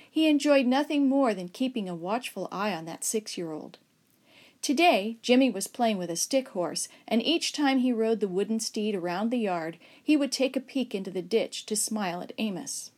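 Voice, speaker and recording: A woman narrating a children's Bible story aloud, lively and expressive, raising her voice for shouted lines. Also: medium pitch. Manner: expressive, acts out shouts and whispers.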